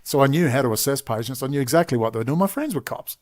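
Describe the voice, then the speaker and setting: A middle-aged Australian man with a mid-range, slightly mellow voice tells a long personal story at a racing, animated clip. His rambling monologue is full of emphatic asides and frequent digressions.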